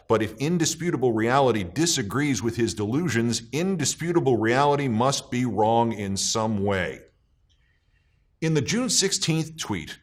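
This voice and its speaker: A man delivering scripted political commentary, emphatic and scornful, slowing down to stress key words. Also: mid-range voice.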